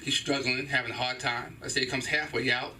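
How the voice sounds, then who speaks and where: A middle-aged man doing a stand-up set in a small comedy club, animated and profane as he acts out loud voices. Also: mid-range voice, fairly quick, recorded from a distance, slight background noise, rough recording. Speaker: stand-up comedian at an open mic.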